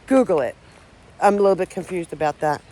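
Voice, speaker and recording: Brisk and mellow, with a voice on the low side, this woman vlogs about the paranormal outdoors among trees. She speaks to the camera in a casual, wandering manner, frequently unsure and restarting what she says.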